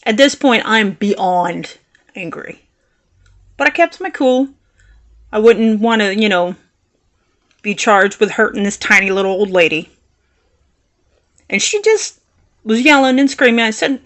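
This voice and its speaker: A woman telling a personal story to the camera in an animated, indignant and sarcastic way. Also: mid-range voice, a little slow, pauses often. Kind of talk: storytelling vlog.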